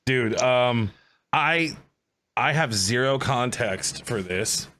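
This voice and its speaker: A young man co-hosting a casual podcast, animated and full of casual slang. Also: mid-range voice, takes it slowly, slight background noise. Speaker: podcast co-host.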